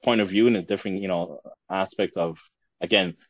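Man, very deep voice, podcast co-host, agreeable casual chat, dull lo-fi sound. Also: steady tone, brisk, no room sound. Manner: agreeable, repeats words.

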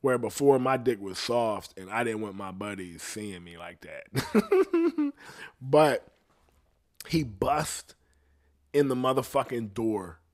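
A young man, a guest, telling a story in casual, profane talk and dropping to low tones for tension. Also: slow.

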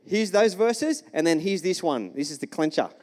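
High-voiced male pastor preaching, chatty storytelling, echoey church hall. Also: lively intonation, moderate pace, a little mellow. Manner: storytelling, engages the congregation with questions. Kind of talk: sermon. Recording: long reverb of a church hall.

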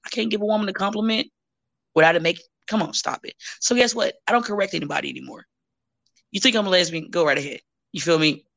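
A woman in her thirties, a wrestler guesting on a podcast, chatting bluntly and profanely with animated storytelling. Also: on the low side, quick pace, gravelly. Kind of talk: casual chat.

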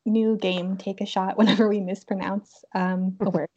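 A woman's voice: medium pitch, level tone, moderate pace, a little mellow. A young woman co-hosting a podcast in casual chat, giggly and full of "like" fillers. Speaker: podcast co-host. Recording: dull lo-fi sound.

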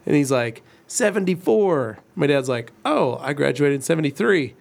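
A man's voice: medium pitch, lively intonation, brisk, gravelly. A man in his forties, co-hosting a casual livestream chat and telling rambling stories. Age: 40s. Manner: storytelling, rambling. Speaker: co-host.

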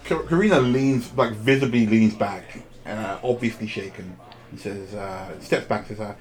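A man's voice: lowish voice, normal speed. A man narrating as game master of a tabletop game, chatty and loose, with frequent fillers and laughter.

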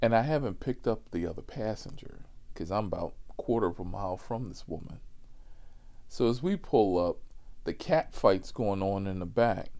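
Rideshare driver, man, mellow, lively delivery, profane storyteller. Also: on the low side, moderate pace. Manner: animated, profane, many asides. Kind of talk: casual comic storytelling.

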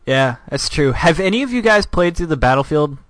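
A man's voice: a little high, sing-song, a little fast, a bit bright, no echo. A young man hosting a casual gaming chat, joking around, swearing freely and saying "like" a lot.

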